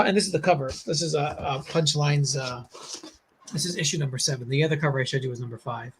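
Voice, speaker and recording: A comic creator from the Bronx, New York, with a Bronx accent, chats casually in a fairly high, brisk voice with a breathy edge. He tells rambling, animated stories packed with fillers and laughs.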